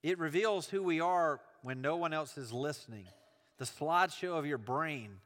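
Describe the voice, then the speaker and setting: A man's voice: fairly high pitch, expressive, moderate pace, a bit bright, in a large hall. A man preaching a sermon, earnest and building emphasis through repetition.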